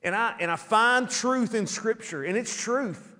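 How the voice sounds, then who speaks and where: A man preaching a sermon as pastor, animated and acting out little everyday scenes in different voices, in a church. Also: high voice, a little slow, in a large hall. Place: church sanctuary.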